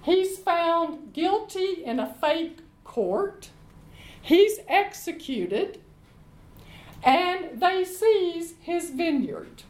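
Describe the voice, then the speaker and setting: A woman preacher retelling a story in a sermon, lively and acting out each quote. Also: very high-pitched, very slow, reverberant, low-quality recording.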